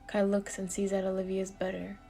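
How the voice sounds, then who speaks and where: A woman reading a story aloud in a plain, steady manner. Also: mid-range voice, a little fast, gravelly. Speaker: audiobook reader. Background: faint music.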